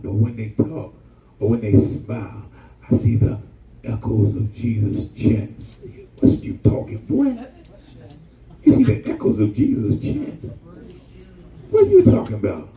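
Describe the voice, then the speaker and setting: A man preaches with a high, wildly swinging voice and a dark, mellow tone, animated and colloquial, calling out to the congregation. He is recorded in an echoey church room from a distant mic. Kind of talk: sermon.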